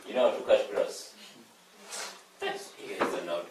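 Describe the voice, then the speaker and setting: A man from East Africa giving an inspirational storytelling talk, animated, repeating phrases and asking the audience questions. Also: lowish voice, a little slow. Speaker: inspirational speaker. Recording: very echoey hall, speaker far from mic, faint noise.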